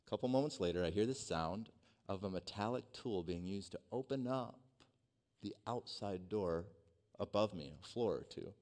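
A man preaching a sermon, telling a personal story in a dynamic way that swings from hushed to loud. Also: lowish voice, moderate pace. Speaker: pastor. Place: church sanctuary.

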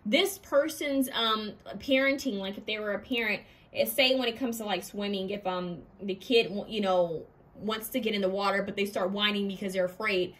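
A woman's voice: mid-range voice, moderate pace, few pauses. A woman giving a pick-a-card tarot reading in a chatty, intuitive way, often saying what she is hearing. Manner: lively, acts out quoted voices.

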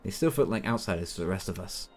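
A man's voice: sits low, animated, fast, pitched below the performer's own voice. A man voicing a laid-back, friendly male small-town mechanic in a put-on American accent, calling everyone man, with faint music behind. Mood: grave. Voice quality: casual drawl, calls everyone man.

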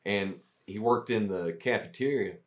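A man's voice: lowish voice, moderate pace. A man, a veteran guest, telling profane, rambling war stories in casual talk. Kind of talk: casual storytelling.

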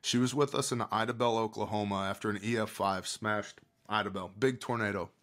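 A man's voice: fairly low pitch, brisk. An American man, a podcast guest who leads disaster relief work, telling stories in a casual chat and acting out what people said. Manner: animated storyteller, acts out quotes, swings from loud to hushed.

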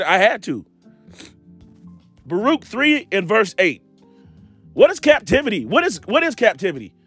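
A man with a high, lively voice preaches an impromptu scripture lesson. He reads verses slowly and punches them with blunt street-slang asides. The sound is dry and close, with faint music underneath. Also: dry recording. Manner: street slang, repeats himself, laughs at his own jabs.

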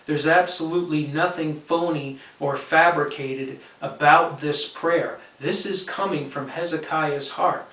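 An earnest male Bible teacher with a somewhat high voice talks through scripture point by point. He keeps checking in with his listeners and hammers home each idea by repeating it. The sound is roomy, as though he stands a little away from the microphone. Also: a little slow, few pauses, a bit bright, far from the mic. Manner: repeats key points for emphasis.

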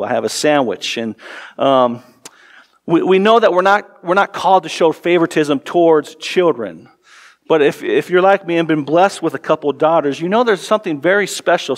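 An earnest pastor in his forties preaches a sermon from the pulpit in a voice a little high for a man. When pressing a point he repeats words, and for tender passages he sinks soft, quiet, and low.

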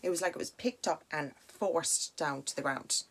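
A young Irish woman with a low voice tells a ghost story casually on her podcast. She chats along with plenty of "like" and "now" asides, animated and conversational. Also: moderate pace. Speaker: podcast host.

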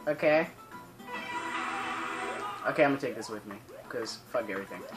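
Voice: medium pitch, lively intonation, moderate pace, over loud music, rough recording. A teenager hosting a let's play, commentating while playing and breaking into frustrated, swearing rants. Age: teens. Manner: swearing, ranting frustrated outbursts. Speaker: gaming channel host.

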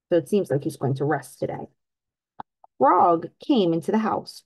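A woman reading a picture book aloud to young children, teacherly and engaging. She pauses often to ask the kids questions about the story. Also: lowish voice, very animated, slightly rough, low-quality recording. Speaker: children's story reader, channel host.

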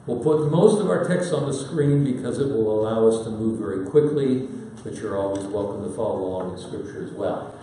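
A man preaching a sermon in a folksy storytelling manner with dramatic pauses. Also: lowish voice, mellow, a little hiss or hum. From Pacific Northwest, United States. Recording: very echoey hall, voice from far off.

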